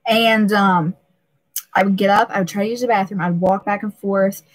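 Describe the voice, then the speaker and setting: A woman's voice: medium pitch, fairly even intonation, normal speed. A woman hosting a casual live stream, rambling and emotional, laughing often and filling gaps with "uh" and "um".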